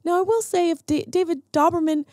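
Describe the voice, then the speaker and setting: A woman's voice: very high voice, a little fast, darkish tone, no room sound, studio quality. A woman hosting a podcast, ranting with sarcastic comedic flair in a casual monologue. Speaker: podcast host.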